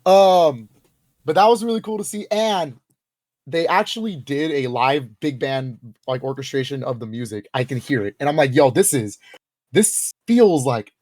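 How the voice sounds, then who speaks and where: A young podcast co-host with a mid-range voice is heard in a clean, dry studio recording. His relaxed chatter bursts with energy, filler words, and brief laughter.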